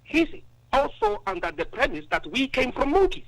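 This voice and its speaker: Man with a gravelly, lively voice on a phone line. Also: very high voice, moderate pace. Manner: casual, lots of "you know" and "yeah". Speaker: caller. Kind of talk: call-in discussion.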